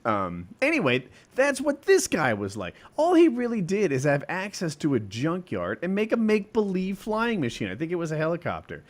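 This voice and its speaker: A man talks with a very lively, swooping voice, joking and poking fun at himself in casual podcast chat. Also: on the high side, brisk, hardly any pauses. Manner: animated, jokey, self-mocking. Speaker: podcast co-host.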